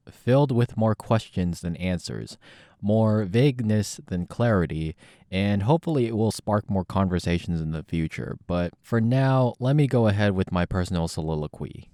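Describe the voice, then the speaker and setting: A man's voice: sits low, mellow, no room sound, clean studio sound. A man talking reflectively to camera in a casual, thoughtful vlog monologue. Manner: thoughtful, casual, slightly sardonic. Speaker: YouTuber.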